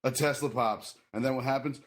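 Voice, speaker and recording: A man's voice: medium pitch, brisk. A man hosting a casual gaming podcast, telling stories animatedly with lots of swearing and laughter. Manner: animated, profane, laughs often. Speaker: podcast host.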